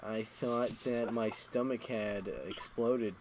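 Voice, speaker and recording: A man's voice: medium pitch, level tone, slow pace, heavy background noise. A man streaming a game, rambling through crude, self-mocking stories in a casual storytelling way. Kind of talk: casual storytelling while gaming.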